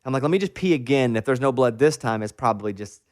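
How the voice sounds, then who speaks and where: A man hosts a morning radio show from the studio, telling a personal story at length. His voice sits at an ordinary pitch, and he tells it with animated, self-mocking energy. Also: fast.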